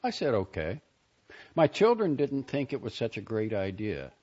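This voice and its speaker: A man reading a story aloud for a reading service for the blind, expressive and lively. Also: mid-range voice, moderate pace, husky. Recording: dull lo-fi recording.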